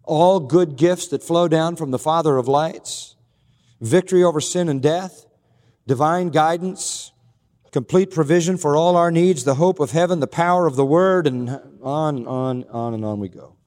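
A man preaching a sermon with earnest, emphatic delivery. His voice sits a bit high for a man, and he lays out his points in slow, deliberate lists. The sound carries a long reverb, as from a large hall. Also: a little mellow. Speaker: pastor.

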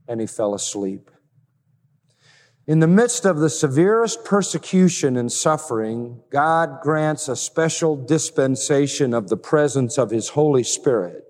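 A man preaching a sermon in an earnest, measured way, with slow emphatic pauses. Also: mid-range voice, a little mellow. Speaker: pastor. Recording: hall reverb with faint music.

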